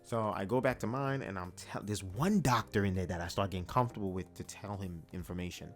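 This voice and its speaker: A man hosts his own vlog, talking casually and animatedly as he recounts a story, jumping into other people's voices along the way. His speaking voice sits low, and faint music plays in the background. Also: brisk. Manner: animated, chatty, acts out quotes. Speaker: vlog host.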